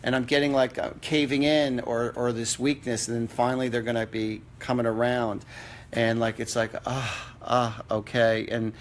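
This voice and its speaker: Guy doing psychic readings live, earnest, lots of um and uh and restarting, mid-pitch voice. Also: level tone, slight background noise. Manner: halting, full of fillers and restarts, earnest. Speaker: psychic medium host.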